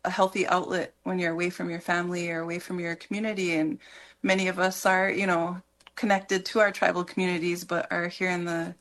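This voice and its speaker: A woman speaking as a guest on a radio talk show, halting and full of fillers and restarts. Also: on the low side, flat delivery, fairly bright tone. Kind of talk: casual radio interview.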